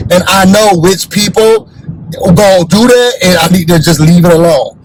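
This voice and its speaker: A man hosting a reality TV recap in an animated, blunt, sassy way, acting out what the cast said. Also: sits high, moderate pace, slight background noise, rough recording. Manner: sassy, blunt, acts out quoted cast members.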